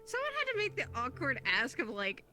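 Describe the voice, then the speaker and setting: A woman chatting casually as a player in a tabletop game, giggly and animated. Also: high voice, fairly quick. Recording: background music. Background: music.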